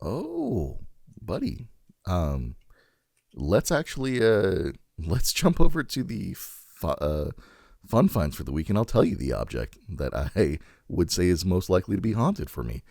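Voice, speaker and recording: Casting: gravelly man, swooping lively delivery, casual podcast co-host, dry close sound. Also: low-pitched, measured pace, dry recording. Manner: rambling, laughs often. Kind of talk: casual chat.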